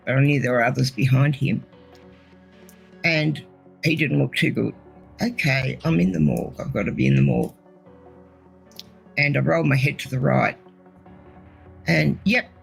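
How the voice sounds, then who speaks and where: A middle-aged Australian woman with an Australian accent appears as a guest, earnestly and emotionally telling of her near-death experience as personal testimony. Her voice is extremely low with vocal fry, and the audio is poor.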